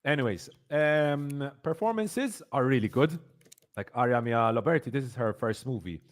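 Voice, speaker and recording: A man's voice: mid-range voice, animated, normal speed. A man hosting a podcast, reviewing a series in casual chat, rambling with many fillers and repeats and emphatic complaints. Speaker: podcast host.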